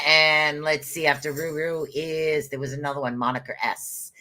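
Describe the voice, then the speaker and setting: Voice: mid-range voice, little pitch movement, normal speed, pushed and bright. Chatty rambling live-stream rune reader. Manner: chatty and rambling, calls viewers by name. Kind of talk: casual live-stream reading.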